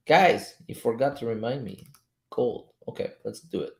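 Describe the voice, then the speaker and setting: A man's voice: medium pitch, lively intonation, normal speed, gravelly. Chatty male trading coach, roomy sound. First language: French. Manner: loose and chatty, swears casually, chuckles often. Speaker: trading coach streaming live. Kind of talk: casual live-stream chat while reading charts. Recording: roomy echo.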